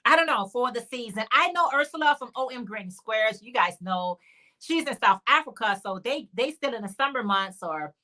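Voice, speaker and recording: Bright-voiced woman chatting on a livestream. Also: on the high side. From Chicago area. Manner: chatty, reads out and answers viewer comments. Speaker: livestream host. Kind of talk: casual crochet livestream chat.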